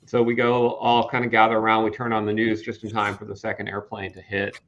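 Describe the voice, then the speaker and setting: A man describing his game in a relaxed, conversational way. His voice sits somewhat low, and the stream audio is dull and lo-fi. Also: a little fast, slight background noise. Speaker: game designer. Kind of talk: casual chat.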